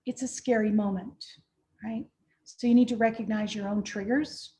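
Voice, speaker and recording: A woman's voice: mid-range voice, fairly even intonation, moderate pace, dark tone. A woman presenting a training session, practical and direct, often checking in with "right?". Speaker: conference trainer.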